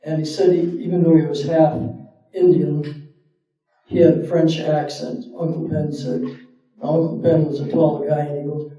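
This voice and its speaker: A man's voice: on the high side, flat delivery, normal speed, dark tone. A man on a panel telling rambling, folksy anecdotes about local history. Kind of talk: storytelling at a panel talk. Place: town hall. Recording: echoey hall, distant and lo-fi.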